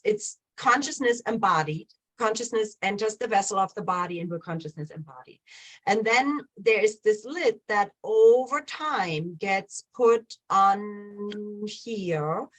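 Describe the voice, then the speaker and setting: A woman hosting a casual spiritual talk show, chatty and animated, with many fillers and restarts. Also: mid-range voice, husky, low-quality recording. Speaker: host of a spiritual chat show.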